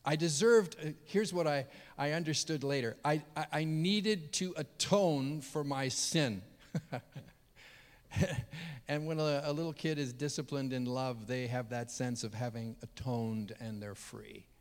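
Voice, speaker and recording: Unhurried and earnest, a man preaching from the pulpit relates a heartfelt story at a normal middle pitch. His voice sinks to a hush before swelling loud and high at emotional moments, each phrase followed by a long hall reverb.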